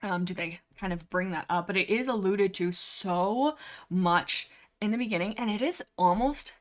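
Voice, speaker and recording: A woman's voice: medium pitch, moderate pace. Rambling young woman livestreaming. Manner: rambling, restarts and apologizes. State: a bit breathless from nerves. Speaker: livestream host. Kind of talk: casual livestream chat.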